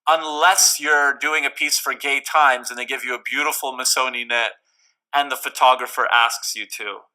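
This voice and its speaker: Bright man making cheeky, joking asides. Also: mid-range voice, steady tone, moderate pace, clear, resonant tone, poor audio. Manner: cheeky, self-mocking asides. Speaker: TV show cast member. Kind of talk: playful interview chat.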